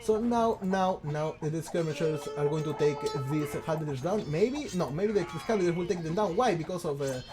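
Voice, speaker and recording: A man casting a strategy game, excitable and stammering, firing off rhetorical questions. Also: fairly high pitch, normal speed, few pauses, music in the background. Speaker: game commentator. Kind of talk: casual game commentary.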